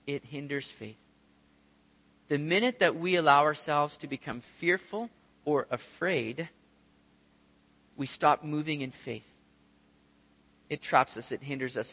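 Guy preaching a sermon, high voice, acts out the scene, big echoey hall. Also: slow pace, long pauses. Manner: animated storytelling, acts out voices of disciples. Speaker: pastor.

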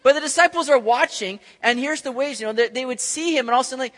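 A man preaching a sermon, telling the story with animated, acted-out scenes. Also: very high voice, racing, hardly any pauses, long reverb tail. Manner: animated storytelling, acts out voices of disciples. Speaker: pastor.

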